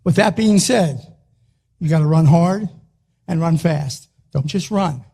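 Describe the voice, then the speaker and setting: A man delivers a rousing motivational talk, his voice pitched high for a man. He hammers short phrases again and again like a wrestling coach pushing his team. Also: unhurried, creaky, warm tone, slightly rough. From Philadelphia, US. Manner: emphatic, punchy, repeats short phrases. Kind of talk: motivational speech.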